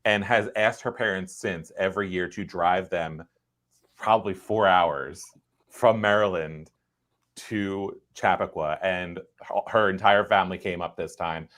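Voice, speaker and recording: A man's voice: low voice, a little slow. A man who writes young adult novels and co-hosts a podcast, telling a rambling anecdote in casual panel chat. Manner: relaxed, rambling anecdotal storyteller.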